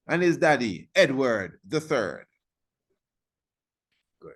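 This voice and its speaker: Male lecturer, informal and emphatic. Unhurried delivery, animated pitch, leans on repetition and rhetorical questions. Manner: emphatic, repeats points, asks the listener rhetorical questions. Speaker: lecturer on history.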